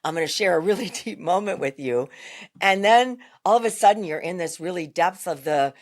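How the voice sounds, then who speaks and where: A woman's voice: lowish voice, expressive, a little fast. A woman co-hosting a podcast, speaking earnestly and reflectively as she thinks aloud. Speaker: podcast co-host. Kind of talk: casual podcast conversation.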